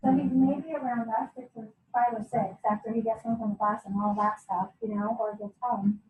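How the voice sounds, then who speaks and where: A middle-aged woman with a high voice tells her family story to a group in a chatty, candid way, laughing often and turning to the listeners with asides. She stands some way from the mic, and the room gives her voice a clear echo. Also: fairly even intonation, normal speed, darkish tone, slight background noise. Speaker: homeschooling parent sharing her story. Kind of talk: casual talk to a group. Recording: echoey room, mic at a distance.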